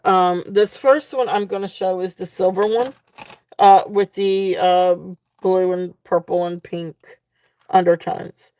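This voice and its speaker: A woman's voice: fairly low pitch, steady tone, slow, a little mellow. A woman hosting a live jewelry sale, talking casually and gushing over each piece, repeating her praise with plenty of ums and restarts. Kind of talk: casual live-stream selling.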